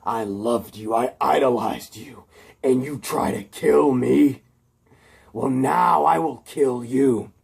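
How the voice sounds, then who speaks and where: A man voicing a vengeful electric supervillain, speaking slowly and with menace. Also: mid-range voice, gravelly, a little mellow, breathy edge, full character voice. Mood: menacing. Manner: slow, menacing, drawn out.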